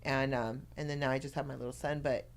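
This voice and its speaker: A woman's voice: a bass voice, flat delivery, fast talker, slight background noise. A middle-aged woman chatting on a live talk show, telling heartfelt, rambling stories full of fillers. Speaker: talk show co-host or guest.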